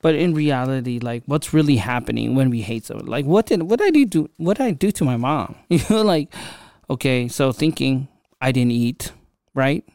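A man's voice: medium pitch, normal speed, a little mellow, dry recording, clean studio sound. A young man hosting a podcast, telling a personal story in a casual, conversational way with lots of fillers and asides. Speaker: podcast host.

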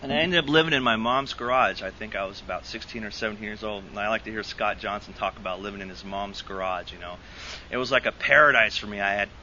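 A man's voice: medium pitch, pushed and bright, lo-fi sound, a little hiss or hum. A man speaking to a recovery group, telling a rambling personal story with lots of restarts and laughs. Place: meeting hall.

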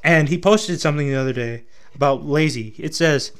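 In a rambling, foul-mouthed chat to camera, a young Texas vlogger speaks with a twang to his audience. His voice is a little high and his pace brisk.

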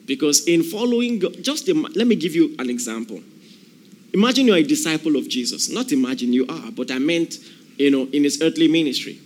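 A man's voice: on the high side, darkish tone, slight background noise. A man preaching a sermon, emphatic, repeating key phrases and acting out the voices of people in the story.

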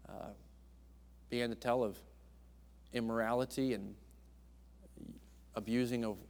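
A man preaches a sermon as a guest speaker, shifting between soft, tender passages and loud, emphatic ones while frequently restarting and tripping over his words. His voice is mid-range and steady in tone, with a measured pace.

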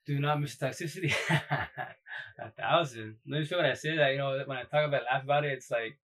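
A man's voice: mid-range voice, fast, a bit bright, poor audio. A man hosting a casual livestream, talking in a rambling, emphatic way, swearing often and repeating himself. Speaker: livestream host.

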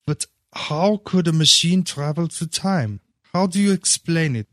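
A man's voice: fairly high pitch, lively intonation, unhurried, fairly bright tone, no echo, studio quality, pitched above the performer's own voice. A man voicing an earnest, idealistic seventeen-year-old boy who speaks politely and formally. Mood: eager.

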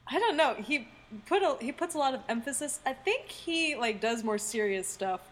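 A young woman co-hosting a casual chat, sardonic and quick to laugh, with casual swearing. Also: high voice, expressive. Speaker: podcast co-host.

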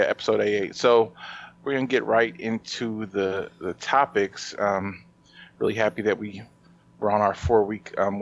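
A man hosting a podcast, opening the show and telling stories in a laid-back casual chat. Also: on the low side. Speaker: podcast host. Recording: muffled lo-fi sound.

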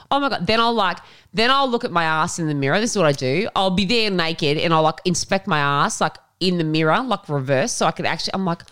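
A woman's voice: fairly low pitch, fairly quick, few pauses, clear, resonant tone. A woman, co-hosting a podcast in frank, sweary casual chat. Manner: frank and sweary, animated storytelling. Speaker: podcast co-host.

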